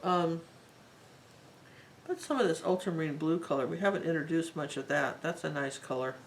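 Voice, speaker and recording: A woman's voice: deep voice, normal speed, a little hiss or hum, poor audio. A woman teaching a live painting tutorial, talking in a chatty and rambling way as she works. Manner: chatty, rambling and warmly enthusiastic. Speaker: art teacher.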